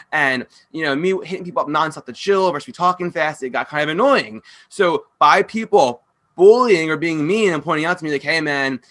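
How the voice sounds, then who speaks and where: A brash male podcast host who talks quickly yet pronounces each word clearly. His tone is forceful and bright, his voice sits a bit high, and he is blunt and freely profane. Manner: fast-talking, with clear pronunciation. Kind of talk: casual podcast rant.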